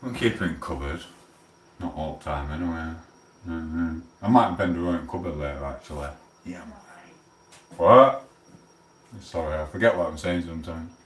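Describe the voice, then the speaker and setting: Man, tipsy, rambling, very low voice, roomy echo, far from the mic. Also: normal speed, slight background noise. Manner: chatty, rambling, loud banter. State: a bit drunk. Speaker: livestream host. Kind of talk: casual rambling livestream chat.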